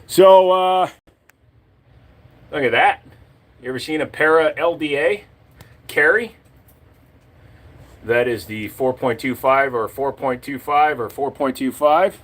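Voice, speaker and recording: A man's voice: mid-range voice, slow, long pauses, fairly bright tone. A man hosting a casual live stream, joking crudely and swearing as he shows off his collection and talks to chat.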